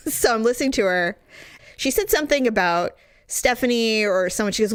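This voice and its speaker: Frank, animated woman podcast co-host. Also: fairly high pitch, moderate pace, clear, resonant tone, no room sound, clean studio sound. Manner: animated storytelling, frank and profane. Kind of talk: casual chat.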